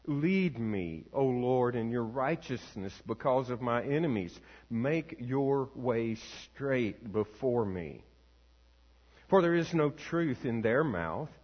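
Slow, solemn pastor in a reverberant church. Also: male voice, medium pitch, animated. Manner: slow, measured, solemn reading. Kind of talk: sermon scripture reading and prayer. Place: church sanctuary. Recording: long reverb, dull lo-fi sound.

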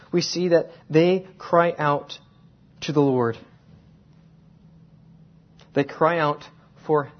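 Husky-voiced male preacher, dull lo-fi sound. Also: fairly high pitch. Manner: storytelling, slowing for emphasis. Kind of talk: sermon.

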